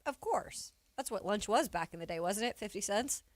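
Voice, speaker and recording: A woman's voice: mid-range voice, lively intonation, normal speed, no room sound. A woman co-hosting a sports radio show, playful and wry in casual banter. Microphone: studio mic, dry.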